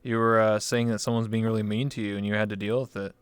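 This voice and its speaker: A man's voice: on the low side, level tone, fast talker, clean tone, no echo. A man hosting an interview in a casual chat, rambling through stories with lots of filler words. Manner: rambling storytelling with many likes and ums. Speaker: interview host.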